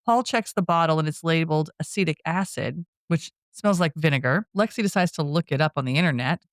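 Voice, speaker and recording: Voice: mid-range voice, a little fast, dry recording, clean studio sound. A podcast co-host giving a casual scene-by-scene movie recap, acting out quotes and laughing often. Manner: retells scenes with acted-out quotes.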